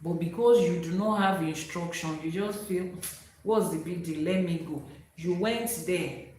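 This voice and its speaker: A woman with a Yoruba accent teaching Ifá on a live stream. She recites verses and then explains them slowly. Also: on the low side, dark tone, slight background noise. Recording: very echoey room.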